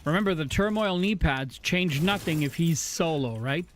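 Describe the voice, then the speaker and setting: A man's voice: fairly high pitch, lively intonation, normal speed, a little hiss or hum. A man streaming a game, talking casually and rambling with fillers, and thanking followers eagerly. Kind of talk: casual live-stream commentary.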